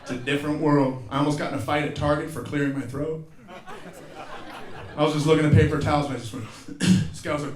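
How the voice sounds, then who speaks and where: On a theater stage before a laughing audience, a man in his forties performs live stand-up, telling profane stories with acted-out voices and sudden yelps. His voice runs high and he talks quickly. The recording carries the roomy sound of a live venue, with crowd laughter in the background.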